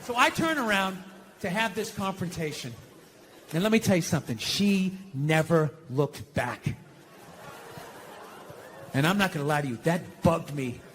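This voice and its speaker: A man doing profane, exasperated stand-up comedy, ranting and acting out shouted confrontations. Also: high-pitched, animated, measured pace, long pauses, slight background noise. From United States.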